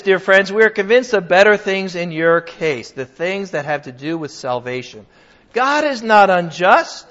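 A man's voice: high voice, big pitch swings, brisk, fairly bright tone. An older man preaching a sermon to his congregation, conversational and emphatic, joking with the people in front of him. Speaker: pastor. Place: church hall with a congregation. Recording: dull lo-fi sound.

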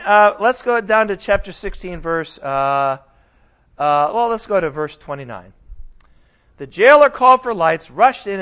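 A man teaching a Bible lesson in a casual, animated sermon style, often asking his listeners questions. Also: high-pitched, lo-fi sound. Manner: animated, conversational, asks the audience questions.

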